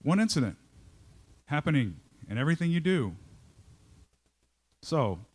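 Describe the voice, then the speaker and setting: A man giving a storytelling talk to a live audience as a company leader, lively and conversational, checking in with his listeners and acting out his own inner voice. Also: fairly high pitch, unhurried, pauses often, husky.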